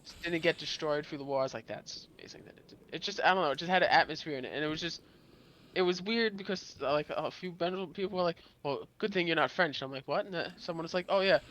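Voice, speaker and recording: Speaking fast in a fairly high, slightly bright voice, this American man spins rambling, profane stories during casual gaming-stream chat. He comes across as a loose, meandering storyteller from the United States.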